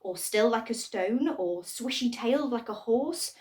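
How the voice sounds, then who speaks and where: A woman's voice: expressive, measured pace, a little mellow. A woman voicing a small, shy, bluish-grey creature who is unsure of herself, speaking hesitantly in a storybook reading. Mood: earnest. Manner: hesitant, timid, high.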